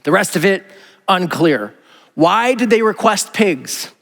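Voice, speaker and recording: A man's voice: high voice, animated, takes it slowly, vocal fry, fairly bright tone. A male pastor preaching a sermon in a conversational, joking way, often acting out quotes. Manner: conversational, jokey, acts out quotes in a raised voice. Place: large church sanctuary. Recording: long hall reverb.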